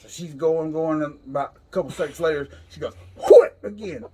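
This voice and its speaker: Over whiskey on a podcast, a man co-hosting the show tells an amusing story casually, drawling easily and laughing throughout. His voice is on the high side, brisk, darkish and slightly rough.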